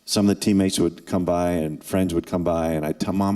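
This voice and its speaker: Older guy, really low voice, earnest storytelling to students at a forum, pauses for effect. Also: steady tone, warm tone. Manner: earnest, with dramatic pauses and acted quotes. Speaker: former NFL kicker and forum speaker. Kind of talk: emotional personal storytelling to students. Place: event hall.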